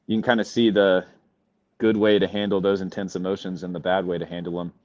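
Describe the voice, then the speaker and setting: A man's voice: deep voice, little pitch movement, fast talker, darkish tone. A man in casual reflective chat, thoughtful and wry, chuckling as he talks. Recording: dull dry call audio.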